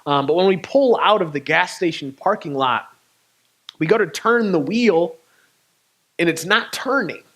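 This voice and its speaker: Animated young man telling a story. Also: high voice, a little slow, pauses often. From Michigan. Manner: animated, acts out dialogue with laughter. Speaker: touring poet and guest speaker. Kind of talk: storytelling talk.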